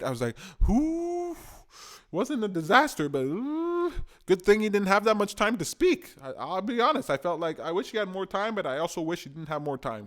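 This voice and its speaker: A man, giving excitable, rambling political commentary for a video blog and often tacking on "man". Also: fairly high pitch. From Canada.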